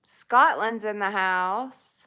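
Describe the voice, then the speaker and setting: A woman's voice: medium pitch, extremely slow, sharp tone, clear, resonant tone. A woman, chatting casually with livestream viewers, greeting them by name and laughing often. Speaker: livestream host.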